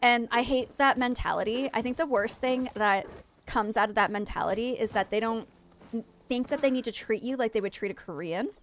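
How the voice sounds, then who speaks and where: A woman streaming and chatting casually with her viewers, frank and quick to vent. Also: a little high, slight background noise. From United States.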